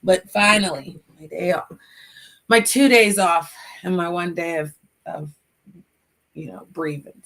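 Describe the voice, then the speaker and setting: A middle-aged woman hosting a casual livestream, chatty and emotional, giving shout-outs to her chat. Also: on the low side, a little slow, long pauses. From United States. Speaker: livestream host.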